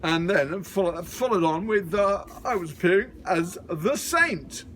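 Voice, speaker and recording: A middle-aged man doing a comic impression of an aging, suave British film star, talking in a slow, drawn-out, lowered voice outdoors. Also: animated, a bit bright, slight background noise. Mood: languid. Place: outdoors at a community garden.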